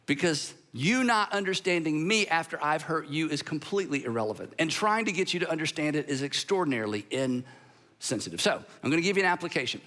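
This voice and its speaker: A male pastor in his sixties delivering a sermon with emphatic pauses, leading the congregation to repeat phrases aloud. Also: a little high. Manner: animated, emphatic, pauses for effect; leads the congregation in call-and-response practice.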